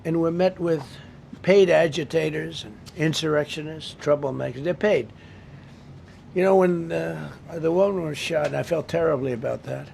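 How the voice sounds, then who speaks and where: A man with a somewhat raised, gravelly voice talks off the cuff at a press briefing. He rambles, circles back and repeats points for emphasis, with a faint hiss of noise behind him. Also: a little high, normal speed, a little mellow.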